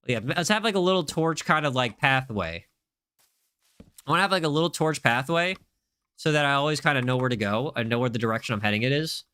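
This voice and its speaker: Gaming live on stream, a young man from the United States reads out viewers' comments with rambling jokes and casual chatter. He sounds high-pitched, bright, and forceful, and the recording is dry.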